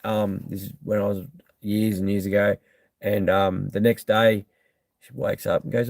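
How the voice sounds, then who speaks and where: A laid-back Australian man talks off the cuff on a live stream in a low, gravelly voice. He is blunt and dotted with ums as he works through viewer comments, and the recording is dry and close. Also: fairly even intonation, moderate pace, darkish tone, no echo. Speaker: live stream host answering chat. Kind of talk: casual live-stream chat.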